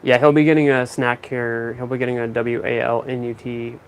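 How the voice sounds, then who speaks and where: A man's voice: mid-range voice, flat delivery, a little fast, clear, resonant tone, rough recording. A young man chatting casually at home as a vlogger, laid-back, sometimes spelling words out letter by letter. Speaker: vlogger and parrot owner. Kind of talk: casual chat to camera.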